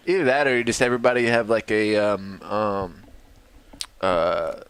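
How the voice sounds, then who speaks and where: A man's voice: fairly low pitch, steady tone, moderate pace, fairly bright tone, smooth. A man co-hosting a casual comedy podcast, rambling and swearing freely. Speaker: podcast co-host. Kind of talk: casual chat.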